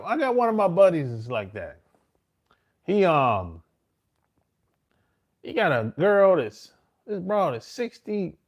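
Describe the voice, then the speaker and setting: A middle-aged man, telling stories in a casual, boastful and profane monologue full of slang. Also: a little high. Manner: profane, slangy street talk with frequent "man" and "bro"; boastful, swaggering. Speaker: host.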